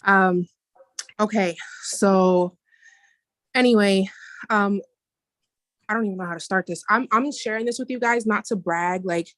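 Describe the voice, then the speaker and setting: A woman of middle pitch tells a personal testimony on a video call. She rambles, restarts her sentences, and drifts into asides. Her voice comes across dry and close. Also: unhurried, pauses often, a bit bright, no echo. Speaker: meeting member sharing a testimony. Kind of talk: casual testimony.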